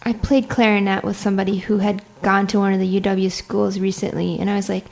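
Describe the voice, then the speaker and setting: A woman comedian on a podcast, telling self-mocking stories in an animated way and laughing often through them. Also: medium pitch, a little fast, gravelly. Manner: many fillers and restarts. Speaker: comedian guest. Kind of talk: anecdotal interview chat.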